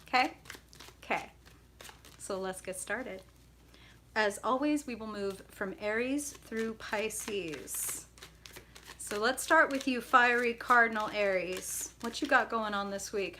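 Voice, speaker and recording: A woman's voice: mid-range voice, pushed and bright, a little hiss or hum. A woman hosting a live tarot stream, bubbly and chatty, greeting viewers by name and laughing often.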